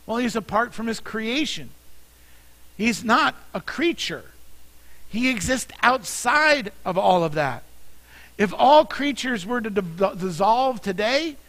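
A man's voice: high-pitched, expressive, takes it slowly, fairly bright tone, poor audio. A man preaching a sermon as pastor, earnestly reading scripture and repeating words for emphasis.

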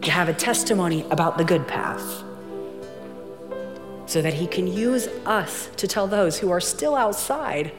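A middle-aged woman preaching a sermon, telling a story and acting out the dialogue in lively fashion. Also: lowish voice, normal speed. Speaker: guest preacher. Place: church auditorium. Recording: long hall reverb, faint music.

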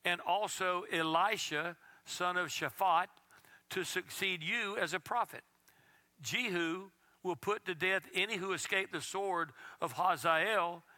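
A man preaching a sermon as pastor, reading scripture aloud and at times dropping his voice to a hush. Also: high-pitched, a little slow. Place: church.

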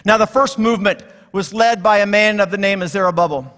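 A man's voice: high voice, brisk, fairly bright tone, big-room sound. A man preaching a sermon at a church, telling stories and jokes and acting out characters as he goes. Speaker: guest preacher.

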